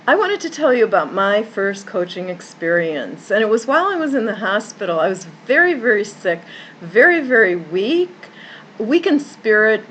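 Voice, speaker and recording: Female life coach, earnest storyteller, middle pitch, faint background hiss. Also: a bit bright, poor audio. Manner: earnest storytelling with many restarts and repeated words. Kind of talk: personal story told to camera.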